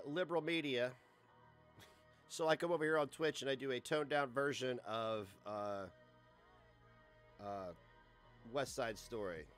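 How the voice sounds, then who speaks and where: A man in his forties streaming live, ranting in a crude, mocking, loud way. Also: on the high side. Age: 40s.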